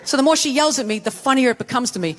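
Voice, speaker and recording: A man's voice: very high-pitched, lively intonation, rapid-fire, a bit bright. A middle-aged man with a Boston accent doing stand-up comedy, ranting and profane as he tells a story. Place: theater stage before a live audience. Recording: live theater recording with hall reverb and crowd. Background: audience laughter.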